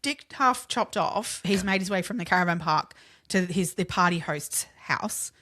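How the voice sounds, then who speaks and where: A woman's voice: fairly low pitch, expressive, moderate pace, bright, forceful tone. A woman co-hosting a podcast, telling a true-crime story in a casual, chatty way, full of "like" fillers and casual swearing. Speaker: podcast co-host.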